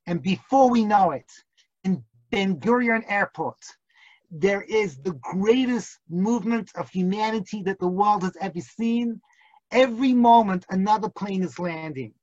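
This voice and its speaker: This rabbi's high, slightly mellow voice moves at a measured pace through a vivid, suspenseful story told to an online class. He puts on silly national accents to get laughs, and the video call recording is dry, dull, and lo-fi.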